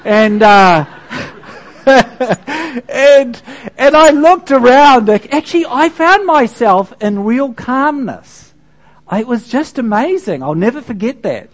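A man's voice: extremely high pitch, sing-song, slow. A man, a pastor preaching a sermon in a conversational, storytelling way with frequent asides to the congregation.

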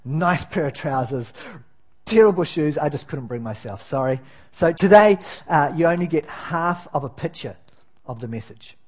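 A man's voice: a little high, lively intonation, normal speed, husky. A man preaching as pastor in a church, conversational and self-deprecating, with many fillers and restarts. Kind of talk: sermon.

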